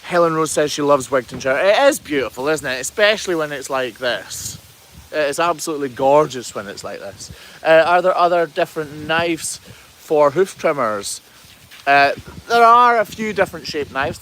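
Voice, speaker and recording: A man's voice: mid-range voice, a bit bright, slight background noise. A man hosting a livestream outdoors on a farm, chatting casually as he reads viewer comments and answers them. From Scotland. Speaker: hoof trimmer hosting a livestream.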